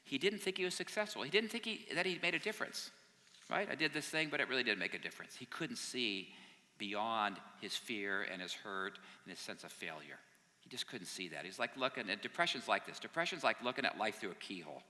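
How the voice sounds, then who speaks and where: Guy preaching to young adults, super bright tense voice, acting out the bible characters, big echoey hall. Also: medium pitch, fairly quick. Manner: animated, acts out the characters' lines, conversational asides. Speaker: youth pastor. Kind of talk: retelling a Bible story to a young adult group. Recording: long hall reverb.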